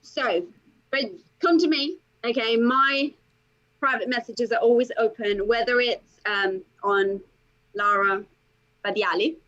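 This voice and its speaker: A woman coach talking as an interview guest, emphatic and animated, peppering her talk with "okay" and "like". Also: fairly high pitch, measured pace, dull audio.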